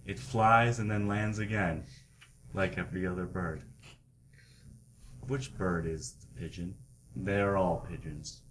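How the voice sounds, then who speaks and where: Low-voiced man running a tabletop game. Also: steady tone, a bit bright, slight background noise. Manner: halting, breaks into laughter. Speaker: game master.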